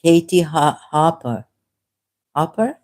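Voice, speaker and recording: A woman's voice: low voice, animated, darkish tone. A woman hosting a livestream who talks off the cuff, often stopping, correcting herself and laughing. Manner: halting, self-correcting, with frequent laughs. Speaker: livestream host. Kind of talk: unscripted livestream commentary.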